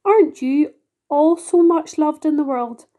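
A woman's voice: high voice, a little slow, dark tone, highs cut off. A woman voicing a polite, curious young boy who asks eager questions. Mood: earnest.

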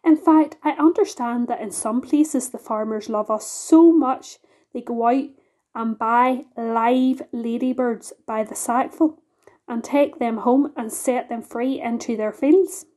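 A woman's voice: fairly high pitch, measured pace, warm tone. Woman voicing a prim, genteel lady ladybird. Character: modest proud female ladybird.

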